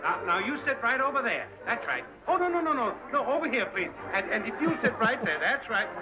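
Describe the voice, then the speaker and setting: A flustered, bossy party host. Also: male voice, extremely high pitch, very animated, muffled recording, noisy background. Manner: hurried, fussing, repeating orders. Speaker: party host in an old comedy film. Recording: old film soundtrack with music. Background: music.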